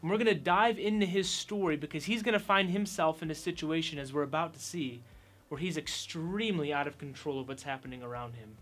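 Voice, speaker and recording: A man's voice: a little high, a little fast, fairly bright tone. A man giving an upbeat, conversational youth sermon as pastor, telling stories along the way.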